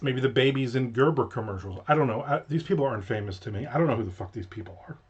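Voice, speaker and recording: A man's voice: mid-range voice, expressive, fast talker, husky. Guy host rambling through a story, swears a bit, goes off on tangents, kinda muffled lo-fi sound. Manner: rambling, profane, digressive anecdotes. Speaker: show host. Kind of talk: casual storytelling.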